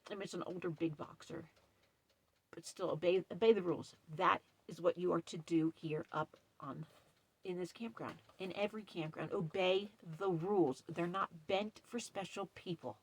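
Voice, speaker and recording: Upset woman camp host, gravelly husky voice. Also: fairly low pitch, fairly even intonation, moderate pace. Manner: upset, emphatic, retells quarrel with stern quoted lines. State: shaky and upset. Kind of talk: casual vlog rant. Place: dark trailer at night with ring light.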